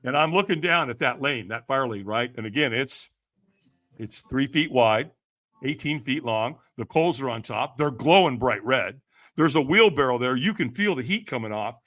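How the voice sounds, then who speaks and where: This man, a podcast guest, has a medium-pitched, fairly bright voice with lively intonation and speaks at a moderate pace. His storytelling is animated: he plays out the people he quotes, breaks into laughter often, and repeats "man" and "right?".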